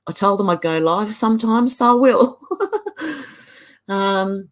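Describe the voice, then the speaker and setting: A woman's voice: mid-range voice, a little slow. Chatty Australian woman on a livestream. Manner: chatty, laughs often, Aussie slang. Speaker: livestream host. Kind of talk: casual livestream chat reading viewer comments.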